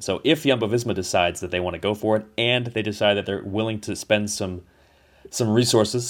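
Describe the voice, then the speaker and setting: A man's voice: deep voice, gravelly. A man hosting a podcast over a call, giving casual race analysis in a thoughtful, hedging way with frequent restarts. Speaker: podcast host. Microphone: remote call.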